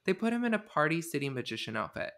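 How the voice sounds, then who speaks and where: A man hosting a podcast, telling the story in an animated, sarcastic way in casual comedic chat. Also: on the high side, fast, gravelly. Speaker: podcast host.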